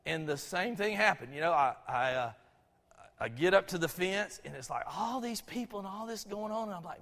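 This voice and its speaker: A middle-aged Southern man from Georgia delivers a folksy, storytelling sermon, stumbling through restarts as he talks. His voice sits high for a man. His words ring out with a long echo across a church sanctuary. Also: lively intonation, normal speed, fairly bright tone. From Albany, Georgia, USA. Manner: folksy, conversational, with frequent restarts. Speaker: pastor.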